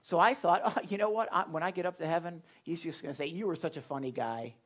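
Male pastor, lively conversational sermon, slightly higher voice. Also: fast. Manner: animated, conversational preaching with asides and jokes. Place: hot church room.

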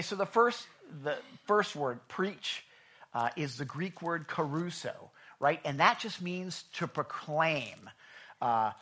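Bright-voiced man preaching a sermon. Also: fairly high pitch, highs cut off. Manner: conversational, emphatic preaching with asides to the congregation. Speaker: pastor. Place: church sanctuary.

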